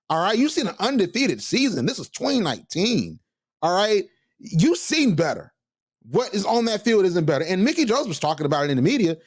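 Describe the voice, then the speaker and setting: Animated high-voiced male sports co-host. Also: dry recording, clean studio sound. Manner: animated, opinionated, frequent restarts. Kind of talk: sports talk.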